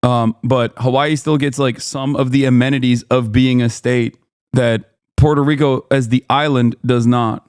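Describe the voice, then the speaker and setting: A man's voice: medium pitch, steady tone, moderate pace, darkish tone, smooth, dry recording, clean studio sound. A man casually commenting on clips as a streamer, sardonic and rambling, with restarts.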